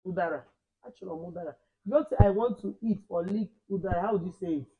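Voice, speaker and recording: A man's voice: high voice, quick pace, narrow, tinny audio. A man teaching a language class to children, quizzing them, repeating and correcting phrases, switching between two languages. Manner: switches between Igbo and English.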